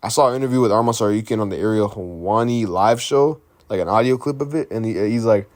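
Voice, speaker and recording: A man's voice: lowish voice, quick pace, darkish tone. A man giving casual reaction commentary on a fight, rambling and conversational, full of restarts and filler words. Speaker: MMA commentary host.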